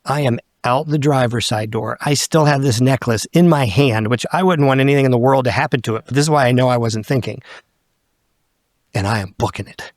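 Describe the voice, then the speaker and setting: A man's voice: mid-range voice, brisk, no echo, studio quality. A man in his fifties, a podcast guest, telling a story bluntly and candidly, swearing freely and acting out what people said. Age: 50s.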